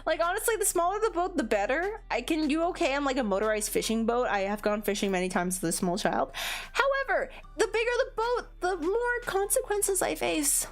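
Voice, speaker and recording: A woman's voice: sits high, lively intonation, brisk, soft background music. A young woman streamer chatting casually, rambling with lots of fillers and giggles, her nose a bit congested. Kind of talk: casual chat.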